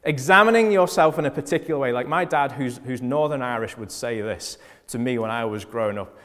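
A man with a Liverpool accent preaching a sermon, stressing key phrases loudly and dropping to quieter asides. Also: mid-range voice, fairly quick, long reverb tail. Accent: Liverpool (Scouse). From Liverpool, England.

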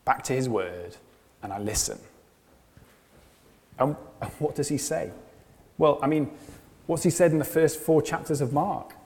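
A man's voice: medium pitch, dark tone, big-room sound. A man preaching a sermon, earnest, often repeating phrases and asking rhetorical questions.

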